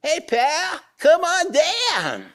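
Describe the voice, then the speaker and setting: A man playing a brusque male police officer with a gruff, blunt way of talking, within a humorous anecdote. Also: very high-pitched, wildly swooping pitch, extremely slow, fairly bright tone, dry recording, voice pushed up, full character voice. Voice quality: gruff, blunt street talk.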